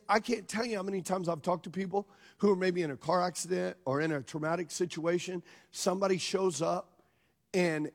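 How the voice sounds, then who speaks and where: Preaching in a high-pitched voice, a middle-aged minister animatedly recounts something from his own life. Along the way he throws questions out to the congregation.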